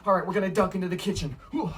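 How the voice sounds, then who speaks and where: A man's voice: high-pitched, steady tone, rapid-fire, fairly bright tone, slight background noise. A man, a preschool drama teacher, telling an interactive children's story in a playful, exclamatory way, acting out running and gasping.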